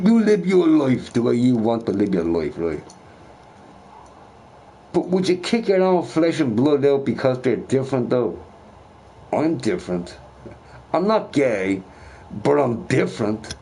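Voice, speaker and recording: A man's voice: mid-range voice, warm tone, slight background noise. A man in a casual ranting monologue who swears a lot and keeps asking his listeners "right?". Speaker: vlogger.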